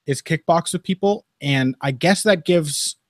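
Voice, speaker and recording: A man's voice: fairly high pitch, measured pace, no echo, clean studio sound. Man giving casual fight analysis. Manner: loose, profane, jokey. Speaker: podcast co-host, fight analyst.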